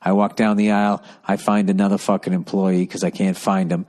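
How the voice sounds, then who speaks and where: A middle-aged man with a low voice holds forth alone on his podcast. He rambles, swears constantly and spins stories into rants. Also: level tone, a little fast, darkish tone. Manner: profane, ranting, storytelling. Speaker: podcast host. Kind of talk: rambling solo podcast monologue.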